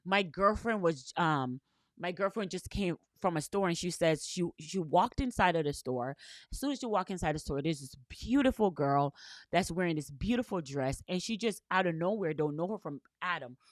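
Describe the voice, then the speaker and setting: A woman's voice: on the low side, lively intonation, moderate pace, no room sound. A woman business coach giving an earnest motivational talk, telling stories with repeated "right?" and spiritual language. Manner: earnest, repetitive storytelling with frequent "right?"; uses faith and spiritual language.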